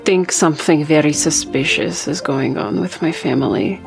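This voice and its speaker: A woman's voice: low voice, normal speed, gravelly, over music, pitched below the performer's own voice. A woman voicing a secretive young woman who is unsure of her vampire family, speaking earnestly with formal wording in a tabletop role-play. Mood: confiding.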